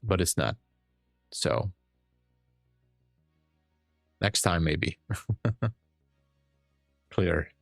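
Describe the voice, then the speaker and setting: A man from Hungary with a Hungarian accent, chatting with viewers and calmly explaining charts as a day trading streamer. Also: low voice, drawn-out words, gravelly, pauses often, no echo, clean studio sound, faint music behind. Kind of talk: live-stream chat and trade commentary.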